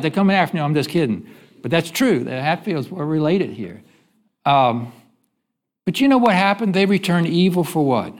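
A man preaching a sermon in church, folksy and conversational, pausing to have the congregation finish his sentences. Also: on the high side. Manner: asks the congregation fill-in-the-blank questions; conversational, folksy, with quick repeats. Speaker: pastor.

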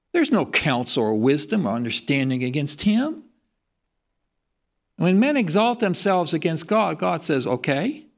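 Male preacher with a lively, swooping pitch, asks the room questions as he goes. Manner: reads scripture aloud in King James wording. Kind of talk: sermon.

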